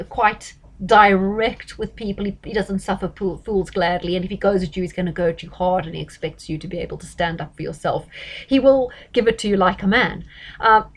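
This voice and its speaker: A woman talks through an astrology reading in a loose, chatty way. She is emphatic and animated, and she often stops to correct herself and fills pauses with ums. Her pitch sits in the middle of the usual range for a woman. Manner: chatty and emphatic, with frequent fillers and self-corrections. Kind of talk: casual astrology commentary.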